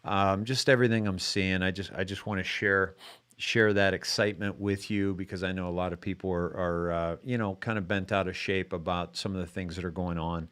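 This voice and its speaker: A man hosts a live-streamed talk show in an easygoing, chatty way. His voice sits a little low and comes across smooth and resonant. He rambles, stacking fillers and restarting his sentences as he greets viewers and guests. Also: steady tone, brisk, a bit bright. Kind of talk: casual chat.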